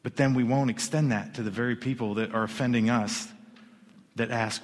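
A man's voice: medium pitch, steady tone, moderate pace. A man preaching a sermon in a church, in a conversational way that often restarts his words. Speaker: pastor. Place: church sanctuary. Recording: long hall reverb.

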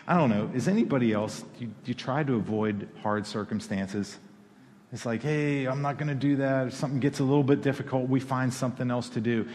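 A man's voice: mid-range voice, a little mellow, in a large hall. A man preaching a sermon to his congregation, talking conversationally and rising to emphatic peaks. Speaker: pastor. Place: church hall.

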